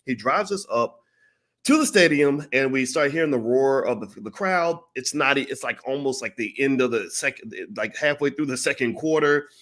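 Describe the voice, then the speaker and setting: A man telling a story in a casual, profane, animated way, acting out what people said. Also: medium pitch, moderate pace. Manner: profane, animated, acts out quotes. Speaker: channel host.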